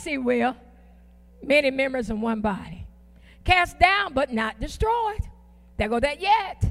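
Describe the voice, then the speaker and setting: A woman preaching a sermon in a church, with call-and-response and slow, drawn-out emphatic phrases. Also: high-pitched. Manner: folksy, uses "ain't" and "y'all".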